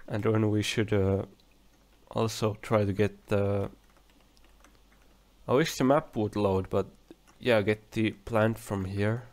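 Slow-talking young man narrating his gameplay. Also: on the low side, fairly even intonation, a little mellow. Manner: musing aloud, chatty, hesitant with restarts. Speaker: let's play gamer. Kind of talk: casual game commentary. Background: game music.

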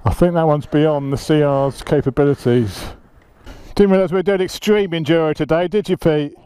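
A man's voice: a little high, normal speed, dark tone, smooth. A man bantering and teasing his friends while riding off-road hill trails, filmed on a helmet or bike camera. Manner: teasing, jokey, laughing often. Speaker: motorcycle vlogger.

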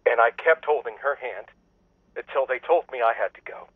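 A man's voice: mid-range voice, moderate pace, slightly rough, dry recording, close to an everyday voice. A man voicing a bitter, accusing grown son on a tinny phone. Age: adult son with kids. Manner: accusing, clipped, resentful. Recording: dry tinny phone line.

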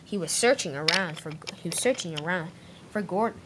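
A woman's voice: lowish voice, animated, brisk, heavy background noise. A woman narrating a homemade toy train story plainly, often restarting her lines. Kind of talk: unscripted storytelling.

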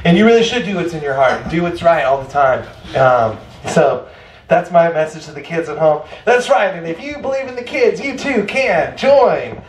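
A man's voice: a little high, sing-song, normal speed. A man hosting a live music night, rambling and joking at his own expense. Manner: rambling, joking, self-mocking. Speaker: host. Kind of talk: live show emcee banter. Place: library event space with live crowd. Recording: roomy live sound, mic at a distance, crowd noise.

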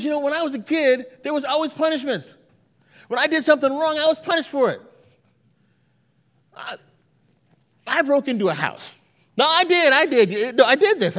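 A man's voice: extremely high pitch, long reverb tail. A male pastor preaching a sermon in a church, telling stories with many restarts and repeated words. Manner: animated storytelling with repeated restarts. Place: church sanctuary.

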